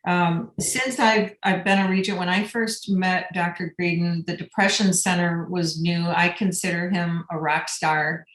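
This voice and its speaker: A woman's voice: on the low side, steady tone, a little slow, few pauses, a bit bright. Woman regent giving earnest thanks in an echoey room. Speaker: university regent. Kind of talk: spoken remarks at a board meeting.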